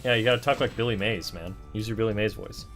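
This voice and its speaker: A man's voice: lowish voice, quick pace, fairly bright tone, faint music behind. A man guesting on a live game stream, chatting casually and teasing the others. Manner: teasing, joking. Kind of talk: casual chat while gaming.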